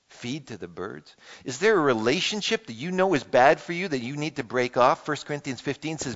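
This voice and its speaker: A man preaching a sermon in a church, speaking in an earnest, conversational way and citing scripture quickly. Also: a little high, fairly bright tone. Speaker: pastor. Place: church sanctuary. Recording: muffled sound in a reverberant hall.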